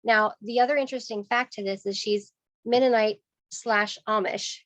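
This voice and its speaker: A woman sales consultant, telling a lively story on a video call, acting out voices and laughing often. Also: mid-range voice, moderate pace, no room sound.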